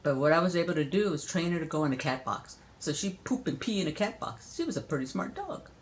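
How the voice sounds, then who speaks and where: Playful grandmother with a lively voice. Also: low-pitched, fast talker, a little hiss or hum. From Southern California. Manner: playful, chatty, laughs often, imitates animal sounds. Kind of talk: casual spoken lesson to a child.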